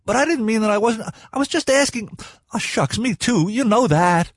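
A man doing a high-pitched, stammering teenage boy. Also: lively intonation, normal speed, slightly rough, no echo, full character voice. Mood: protesting. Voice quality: high, breathless, words tumbling out.

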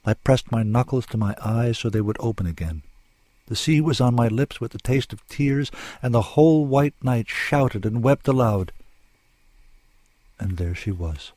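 A man's voice: medium pitch, lively intonation, normal speed, mellow, dry recording. A man reading a dramatic story aloud in an intense, lyrical, sombre manner. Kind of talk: scripted story narration.

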